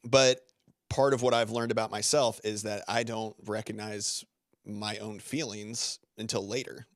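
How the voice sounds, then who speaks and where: A man's voice: lowish voice, little pitch movement, unhurried, dry recording, studio quality. Man rambling casually as podcast guest. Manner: rambling, full of filler words and self-corrections. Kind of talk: casual interview talk.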